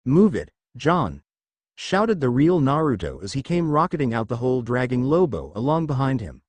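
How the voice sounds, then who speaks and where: A man narrating a fan fiction story in a steady, expressive reading voice. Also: mid-range voice, fairly quick, dry recording.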